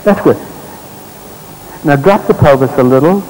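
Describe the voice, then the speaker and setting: A man's voice: a little high, lively intonation, normal speed, a little hiss or hum, poor audio. Older-sounding man coaching on stage. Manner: gentle, directive coaching with short commands. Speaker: therapist. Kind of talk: live therapy demonstration. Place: stage at a congress.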